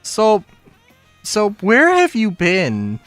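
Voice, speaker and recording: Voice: medium pitch, huge pitch swings, extremely slow, fairly bright tone, dry recording, soft background music, full character voice. A streamer putting on the voice of a nagging mock parent who scolds in an exaggerated way. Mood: mock-scolding.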